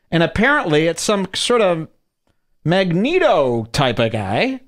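A man's voice: a little high, big pitch swings, measured pace. A man hosting a podcast, commenting on clips in a sarcastic, mocking way. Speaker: podcast host. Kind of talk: casual commentary.

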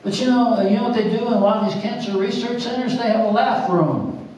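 A man's voice: high-pitched, quick pace, a little mellow, recorded from a distance. A middle-aged man preaching a sermon, telling jokey stories and laughing often. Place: church sanctuary. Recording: echoey church hall, preacher off-mic.

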